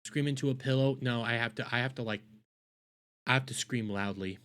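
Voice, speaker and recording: A young man reacting to a video from his home at night, exasperated and fuming. He rants and swears, loops back over the same complaint, and keeps bursting out loudly. His voice sits at an ordinary middle pitch for a man. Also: steady tone, a little fast, clean tone. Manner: ranting, swears, repeats himself, bursts into loud outbursts. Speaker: reaction channel host.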